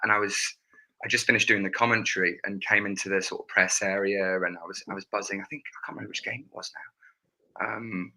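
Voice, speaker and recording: Casting: lowish, very bright male commentator, animated anecdotes. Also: fast, rough recording. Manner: animated, self-deprecating storyteller. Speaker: football commentator guest. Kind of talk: casual chat.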